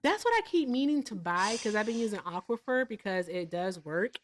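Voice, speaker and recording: A woman in her fifties hosts a live stream, her pitch leaping around as she jokes with her guests. Her talk is loose, playful and full of laughter. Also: very animated, brisk. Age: 50s. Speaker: livestream host. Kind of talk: casual chat.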